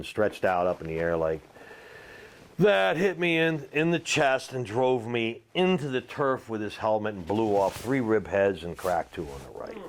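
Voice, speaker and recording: Former football player, man, low-pitched, swaps blunt, salty stories in a casual interview. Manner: animated, salty anecdotes with many fillers. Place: outdoors at a golf tournament.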